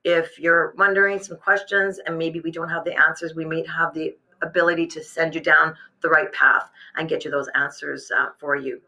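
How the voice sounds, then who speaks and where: A woman hosts a live business webcast from her home workspace. Her voice is very bright and sharp, and her talk is chatty and rambling, full of fillers and restarts. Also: sits low, steady tone, moderate pace, few pauses, low-quality recording. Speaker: host.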